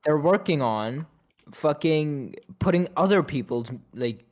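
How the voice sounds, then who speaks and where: A man's voice: on the high side, expressive, unhurried, a little mellow. A young man co-hosting a casual podcast, rambling, swearing freely and laughing often. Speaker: podcast co-host. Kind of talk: casual chat.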